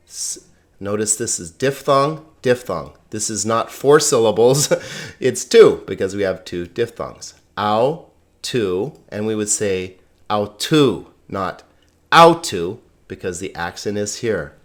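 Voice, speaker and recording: A man teaching a recorded Greek lesson, sounding words out slowly syllable by syllable. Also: fairly low pitch.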